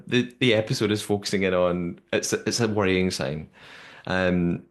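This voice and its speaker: A man hosting a podcast, recapping a show in casual chat, laughing often and quoting people in put-on voices. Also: fairly low pitch. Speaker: podcast host.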